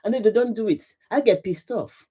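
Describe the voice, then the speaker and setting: A woman's voice: a little high, expressive, a little fast, dark tone, breathy edge. A middle-aged woman hosting a live motivational talk, speaking emphatically with lots of repetition and laughing often as she greets her viewers. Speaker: livestream host, coach.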